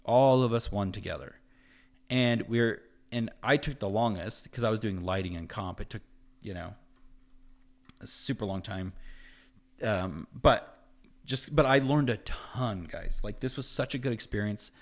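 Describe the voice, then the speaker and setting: Animated, rambling man hosting a livestream. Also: lowish voice, measured pace. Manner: animated and rambling, voice jumps up when quoting others. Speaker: host of a live effects-art stream. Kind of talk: casual livestream talk.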